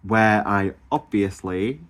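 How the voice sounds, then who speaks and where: Deep-voiced gushing man vlogging. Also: takes it slowly. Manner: gushing and animated, frequent ums and laughs. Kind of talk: casual chatty weight-loss update.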